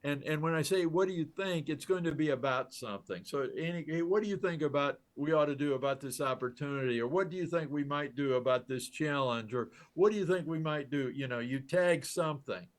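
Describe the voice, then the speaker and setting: A man's voice: a little high, brisk, few pauses. An older man, a guest on an interview, telling stories with enthusiasm, acting out quoted dialogue and laughing often. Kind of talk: animated storytelling in conversation.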